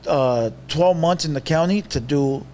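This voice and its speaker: A young man recounts a story casually on a podcast, voice slightly high and pace slightly slow, with a bit of hiss or hum in the background. He's an animated narrator who throws in Spanish slang and acts out the quotes.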